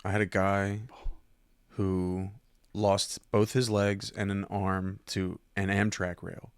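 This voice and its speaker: A man's voice: fairly low pitch, takes it slowly, smooth, no room sound, studio quality. A man telling casual, profane stories about selling cars, acting out his customers. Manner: animated, acts out customers' voices, swears freely. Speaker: former car salesman, podcast guest. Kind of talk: casual storytelling chat.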